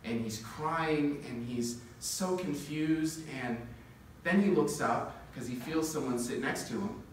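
A young man preaching a sermon, telling a parable with quick laughs and building to impassioned lists. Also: fairly high pitch, slight background noise. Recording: echoey room, distant mic.

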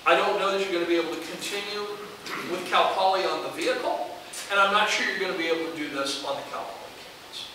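An older man, an alumnus, telling an animated anecdote at a reunion and acting out the dialogue. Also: high voice, fast talker. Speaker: alumnus speaker. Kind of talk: storytelling speech. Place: large room at a reunion event. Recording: echoey hall, distant mic, hiss.

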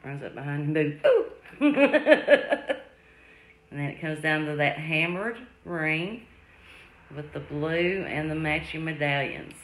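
A woman hosting a live jewelry sale, chatting warmly with viewers and calling them sweetie, love and darling. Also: low-pitched, fairly even intonation, measured pace, a little hiss or hum. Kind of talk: live-stream selling chat. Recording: echoey room.

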